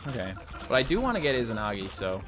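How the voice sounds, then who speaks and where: A man's voice: mid-range voice, very animated, fast, over music. A young man live-streaming a mobile game, chatting loosely and answering viewer comments as he plays. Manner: coaxing the game on, repeating short phrases.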